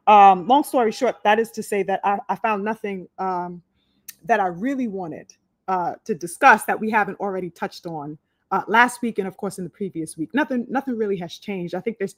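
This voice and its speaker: A woman's voice: mid-range voice, no echo, studio quality. A woman hosting a live podcast, talking casually with lots of fillers and restarts. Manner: chatty, many fillers and restarts, greets viewers by name. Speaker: podcast host. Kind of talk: casual live-stream talk.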